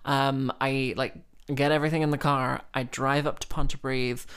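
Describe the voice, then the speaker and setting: Smooth-voiced woman telling a chatty story. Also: very deep voice, little pitch movement, normal speed, a bit bright. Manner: chatty and rambling, heavy use of "like", laughing between phrases. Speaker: harpist. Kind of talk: casual anecdote storytelling.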